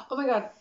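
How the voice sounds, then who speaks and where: A woman in her twenties telling a story in a rambling, animated way, with lots of filler words. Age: 20s. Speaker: vlogger. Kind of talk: casual storytelling to camera. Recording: roomy, slightly dull home recording.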